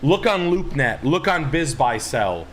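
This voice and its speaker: A man hosting a livestream, ranting loudly and emphatically with lots of swearing. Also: mid-range voice, very animated, unhurried, a little hiss or hum. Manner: loud, swearing, emphatic, rambling. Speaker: streamer host. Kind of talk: profane livestream rant.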